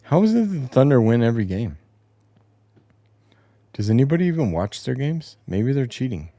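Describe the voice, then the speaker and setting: A man's voice: mid-range voice, very animated, moderate pace, warm tone, dry recording. A man hosting a casual sports talk show from a home basement, rambling and opinionated, with some swearing. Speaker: host. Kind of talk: casual solo sports commentary.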